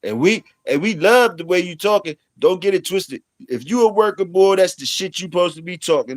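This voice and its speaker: A man's voice: sits high, animated, a little fast, few pauses, no room sound, clean studio sound. Laughing, profane man. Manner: laughing, profane, teasing banter. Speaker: channel host. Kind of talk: casual livestream chat.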